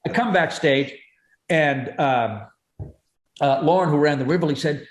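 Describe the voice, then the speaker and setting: A man tells comic stories at a rapid clip, painting vivid pictures as he goes. His voice sits a little high. The room around him rings with a noticeable echo. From Canada. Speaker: guest comedian. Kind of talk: animated storytelling chat. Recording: echoey room.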